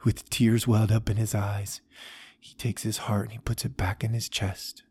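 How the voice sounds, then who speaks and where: A man hosting a podcast, telling a story in an earnest, halting way with restarts. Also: lowish voice, little pitch movement, dark tone, slightly rough, no room sound. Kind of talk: storytelling talk.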